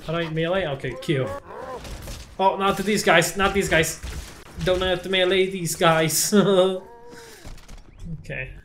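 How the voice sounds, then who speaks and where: A young man talking through a shooter game as he plays it for the first time, his fairly high voice jumping into yelps and curses whenever he is startled. Faint room ambience sits behind him. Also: fairly even intonation, measured pace, pauses often, a bit bright, a little hiss or hum. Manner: jumpy, swears often, yelps when startled. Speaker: gameplay streamer. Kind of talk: first-time playthrough commentary.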